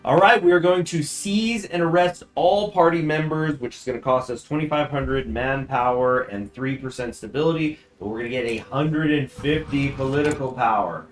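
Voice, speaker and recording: A man's voice: mid-range voice, normal speed, few pauses, soft background music. A man streaming a strategy game, chatting casually with rambling asides and frequent chuckles.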